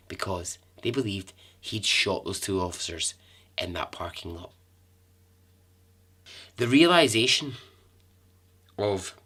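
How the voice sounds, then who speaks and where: A man's voice: low voice, a bit bright, breathy edge. A man hosting a podcast, telling a true-crime story in a chatty way with asides and the odd swear word. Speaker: podcast host.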